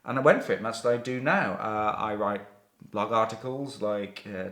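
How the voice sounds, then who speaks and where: A man chatting casually as an interviewee, playful and animated as he acts out little exchanges. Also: on the low side, moderate pace, echoey room. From United Kingdom. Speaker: interviewee, expat writer. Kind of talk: casual chat.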